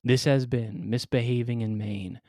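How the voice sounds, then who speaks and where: A man hosting and telling a scripted personal story, with wry, dramatic delivery and pointed pauses. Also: mid-range voice, fairly even intonation, darkish tone, no echo. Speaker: storyteller and podcast host.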